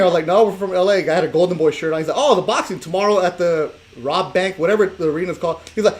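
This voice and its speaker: A man from Los Angeles hosting a casual interview podcast, joking in slang and telling animated stories. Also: sits high, very fast, hardly any pauses. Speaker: podcast host.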